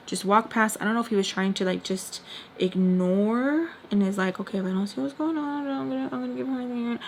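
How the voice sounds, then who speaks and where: A woman's voice: medium pitch, slight background noise. Give me a young woman casually telling a storytime, blunt and filler-heavy. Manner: blunt, swears, uses lots of fillers. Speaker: storytime vlogger.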